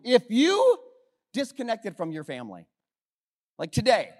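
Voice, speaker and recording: A man pastor preaches with a high-pitched voice. He leans on rhetorical questions to his congregation and moves between a hushed tone and loud emphasis. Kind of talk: sermon.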